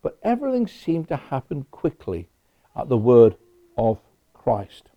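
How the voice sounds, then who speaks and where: A man's voice: mid-range voice, wildly swooping pitch, a little slow. A man preaching a sermon in a conversational way, with personal asides. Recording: dull lo-fi recording.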